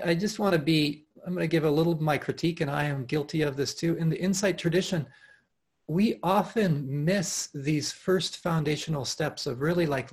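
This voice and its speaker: A man teaching meditation at an online retreat, speaking earnestly and with animation, often restarting his phrases and laughing softly. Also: on the high side, slightly rough. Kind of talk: dharma talk at an online retreat. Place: home, over a video call.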